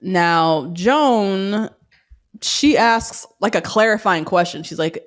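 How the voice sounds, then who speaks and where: A woman's voice: medium pitch, takes it slowly. A woman co-hosting a podcast, chatting casually and animatedly, laughing often and acting out what people said. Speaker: podcast co-host. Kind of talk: casual chat recapping a reality show.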